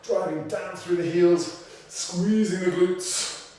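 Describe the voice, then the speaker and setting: A man's voice: sits high, slow pace, recorded from a distance. Male fitness coach, winded, upbeat cueing, recorded off-mic in a very echoey room with faint hiss. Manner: energetic, encouraging cueing with countdowns. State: out of breath. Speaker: fitness instructor. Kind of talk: coaching a workout class.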